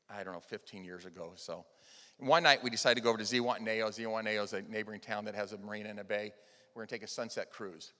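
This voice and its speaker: A man giving a motivational conference talk, telling a personal story earnestly, rising to loud emphasis and dropping to soft, hushed lines. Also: on the low side. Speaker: conference speaker. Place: large event hall. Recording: long hall reverb.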